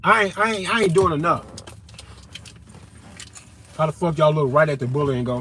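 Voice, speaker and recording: A man's voice: a little high, expressive, normal speed, pauses often, fairly bright tone, a little hiss or hum. A man in an unscripted monologue, talking straight at his listeners in a profane, confrontational, heated way. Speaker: vlogger.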